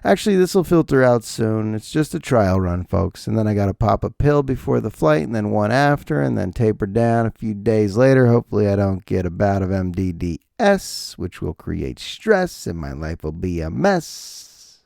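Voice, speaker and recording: A middle-aged man hosting a podcast, rambling through profane, animated comic stories on a close mic. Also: on the low side, moderate pace, creaky, hardly any pauses, no echo. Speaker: podcast host. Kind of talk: comedic podcast monologue.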